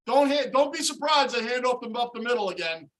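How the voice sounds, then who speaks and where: Frustrated male fan host, bright tense voice, shouted live play-calling rants. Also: very high voice, expressive, brisk. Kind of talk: live fan reaction commentary.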